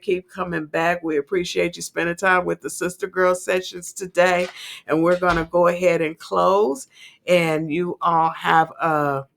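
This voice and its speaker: A middle-aged woman co-hosting a podcast, expressive and quick to chime in with short backing remarks. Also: lowish voice, vocal fry, a little hiss or hum. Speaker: podcast co-host. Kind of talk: casual conversation.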